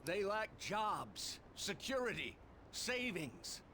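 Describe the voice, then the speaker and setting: A man's voice: sits high, big pitch swings, takes it slowly, sharp tone, slight background noise, full character voice. An actor playing an earnest male politician giving a formal street speech, heard from the game with music behind. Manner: formal, oratorical.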